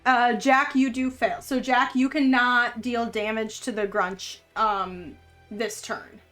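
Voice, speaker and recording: A woman running a tabletop game as game master, narrating slowly with many ums and bursts of excitement at dice rolls. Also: on the high side, faint music behind.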